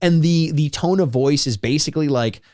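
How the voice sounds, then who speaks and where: A man's voice: fairly high pitch, normal speed, darkish tone, no room sound, studio quality. A man co-hosting a podcast, chatting casually with many restarts and sometimes mimicking announcer voices. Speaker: podcast co-host. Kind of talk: casual chat.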